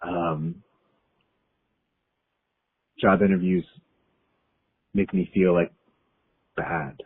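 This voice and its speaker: A man's voice: sits low, fairly even intonation, very slow, breathy edge. A man in his thirties leaving a rambling, nervous, self-doubting voicemail. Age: 30s. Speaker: caller leaving an anonymous voicemail. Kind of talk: confessional voicemail monologue. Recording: tinny phone voicemail line.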